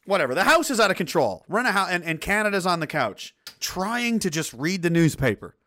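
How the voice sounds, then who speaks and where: Rambling animated male host. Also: sits high, brisk. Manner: rambling, laughing, swearing. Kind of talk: casual chat.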